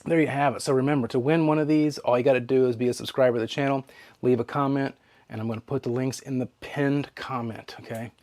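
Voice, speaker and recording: A man hosting a knife sharpening channel, talking casually to his viewers in a relaxed, chatty way while he works. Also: medium pitch, fast talker, dry recording. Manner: relaxed and chatty, with fillers and trailing asides. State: hiccups. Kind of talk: casual demo talk to camera.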